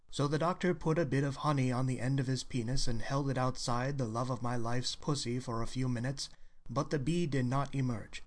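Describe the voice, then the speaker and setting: A man's voice: mid-range voice, fairly even intonation, moderate pace. Guy telling a rude joke, just a regular voice, plain delivery.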